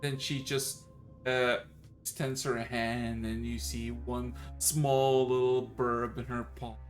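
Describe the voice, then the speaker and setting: A man's voice: medium pitch, level tone, slow, faint music behind. A man running a tabletop game as game master, narrating in a casual, giggly way.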